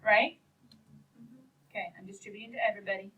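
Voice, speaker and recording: A woman's voice: mid-range voice, fairly even intonation, brisk, sharp tone. A woman teaching a precalculus class, encouraging and playful, talking about equations as if they were people. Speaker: math teacher. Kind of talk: classroom lecture. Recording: distant mic with faint noise.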